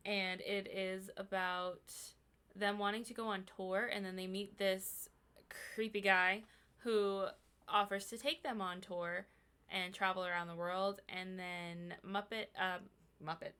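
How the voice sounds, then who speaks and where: Female podcast co-host in an ordinary mid-range voice. She recaps things calmly and matter-of-factly and chimes in with short agreements. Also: medium pitch, measured pace, smooth. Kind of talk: casual chat.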